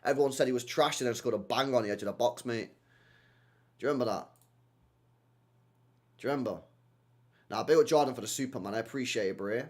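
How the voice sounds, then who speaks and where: A young man hosting a live football watchalong, reading chat and reacting in an animated, teasing way. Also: mid-range voice, quick pace, pauses often.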